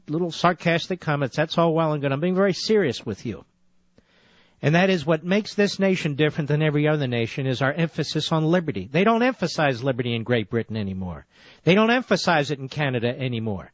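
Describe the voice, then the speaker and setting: Man, radio host, high voice, lecturing, interrupts, dull lo-fi broadcast audio. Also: expressive, brisk, no echo. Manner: lecturing, insistent, cuts the caller off. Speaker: radio talk show host. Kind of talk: combative call-in radio debate.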